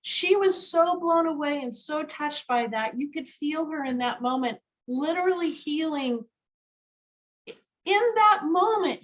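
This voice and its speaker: This woman is a guest animal communicator telling a story in an interview. Her high voice is emphatic and lively and packed with fillers, and the audio is poor.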